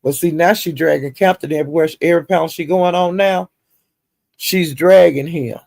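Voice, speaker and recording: Gravelly man dishing profane gossip. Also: on the high side, moderate pace, dry recording. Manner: animated, profane, drawling storytelling. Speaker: livestream host. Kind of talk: casual gossip commentary.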